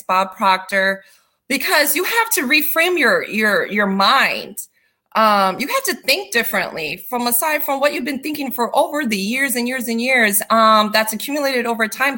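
A woman speaks in an earnest, encouraging way, circling back on her points with repeated restarts. Her voice sits a little high and sounds bright and forward. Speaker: guest. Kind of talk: motivational casual chat.

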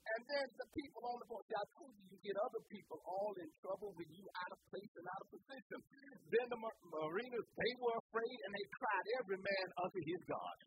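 A woman preacher, delivering an animated, colloquial sermon full of call-and-response. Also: mid-range voice, fast, slight background noise, rough recording.

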